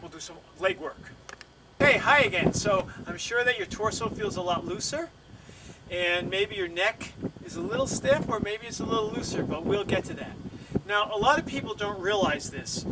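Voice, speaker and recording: Male stretch instructor, high voice, slightly winded, distant mic with faint hum. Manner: calm step-by-step coaching. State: slightly out of breath. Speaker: bodywork instructor.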